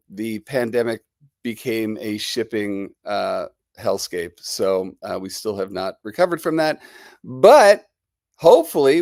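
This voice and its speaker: A man's voice: on the low side, darkish tone, no room sound, studio quality. Chatty New Jersey man with a cold. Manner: chatty and rambling, greeting viewers. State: has a lingering cold. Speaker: livestream host. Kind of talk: casual live-stream chat.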